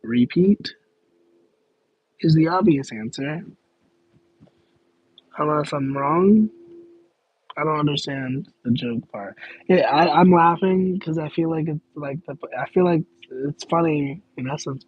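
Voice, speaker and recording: A man's voice: a little high, husky, dull audio. A man chatting casually on a live question-and-answer stream, rambling, stopping to correct himself and laughing in disbelief.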